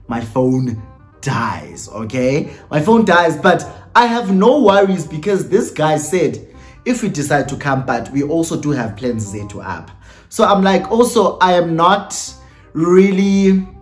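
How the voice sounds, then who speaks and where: Young man, South African Eastern Cape accent, storytime vlog, casual, animated, a bit high-pitched, faint background music. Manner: animated and expressive, mixing English and Xhosa slang. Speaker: YouTuber.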